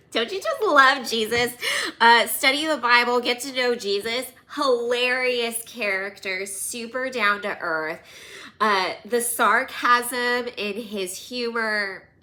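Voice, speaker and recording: A woman in her thirties hosting a podcast, telling personal stories in an animated, casual way, sometimes dropping to near-whispers. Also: fairly high pitch, slow pace. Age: 30s. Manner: animated, drops to near-whispers and laughs often. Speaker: podcast host.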